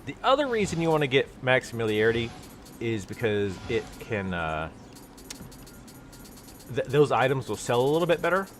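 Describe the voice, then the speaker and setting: A man's voice: medium pitch, sing-song, normal speed, long pauses, slight background noise. Stuffy-nosed guy streaming a game. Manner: rambling, explanatory, with many fillers. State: stuffy nose. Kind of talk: casual let's-play commentary.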